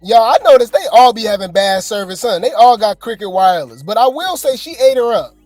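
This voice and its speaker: A woman's voice: a little high, animated, fairly quick, a little mellow, faint music behind. A woman hosting casual gossip commentary, chatty and slangy, talking straight to her viewers.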